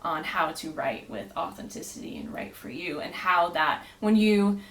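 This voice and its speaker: A woman's voice: low-pitched, very animated, moderate pace, fairly bright tone, low-quality recording. A woman guest on a podcast, telling her story earnestly with many fillers and frequent laughter. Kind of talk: casual storytelling.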